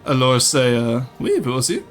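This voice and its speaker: With soft music behind him, a young man from Ontario, Canada speaks at a moderate pace and medium pitch during a casual live stream. He goes through the chat, mixes English with French, and laughs frequently.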